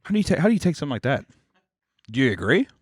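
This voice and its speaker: Dude co-hosting a podcast, swears a lot, rambles, talks quick, dry close mic sound. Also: male voice, mid-range voice, breathy edge, no echo. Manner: profane, rambling, animated. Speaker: podcast co-host. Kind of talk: casual banter.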